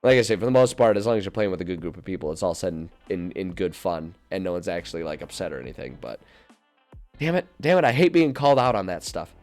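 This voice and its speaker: A low-voiced man in casual livestream chat, rambling and doubling back on himself as he talks. Faint music plays behind him. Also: sing-song, quick pace, hardly any pauses, darkish tone. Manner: rambling, self-interrupting, laughs often. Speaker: streamer and game master.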